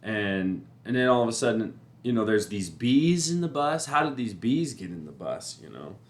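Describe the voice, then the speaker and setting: Rambling man musing on calm. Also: lowish voice, moderate pace. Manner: rambling, repeats himself, animated when recounting panic. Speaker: motivational speaker. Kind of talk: casual spoken reflection.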